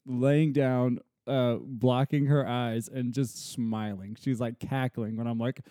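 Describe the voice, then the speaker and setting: Man, casual podcast chat, animated storyteller, mellow voice. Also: medium pitch, takes it slowly, no room sound, clean studio sound. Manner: animated storytelling, acting out his child's lines. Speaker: podcast co-host, father of a toddler.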